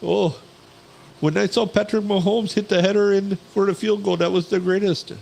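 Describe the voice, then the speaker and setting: A man putting on a chipper, shrill phone-support guy. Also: fairly even intonation, moderate pace, gravelly, darkish tone, poor audio. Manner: overeager, sing-song, exaggerated. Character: chipper young male phone-support worker.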